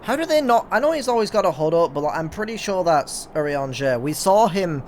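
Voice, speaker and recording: A man's voice: on the high side, lively intonation, brisk, slight background noise. A young man hosting a casual gameplay let's play, swearing often, laughing and reading game text aloud. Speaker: gaming let's-play host. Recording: game audio mixed under voice. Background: game music.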